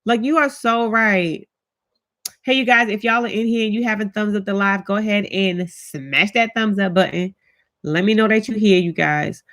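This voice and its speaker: A woman's voice: medium pitch, moderate pace, a bit bright. Chatty heartfelt woman vlogger. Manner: chatty and heartfelt, talks straight to viewers; African American Vernacular English speech. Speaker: vlogger hosting a live chat. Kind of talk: casual live-stream chat reading comments.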